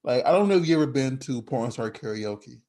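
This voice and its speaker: Rambling, halting podcast host man. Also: mid-range voice, expressive, dark tone. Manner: rambling, halting, with repeated restarts. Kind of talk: casual podcast chat.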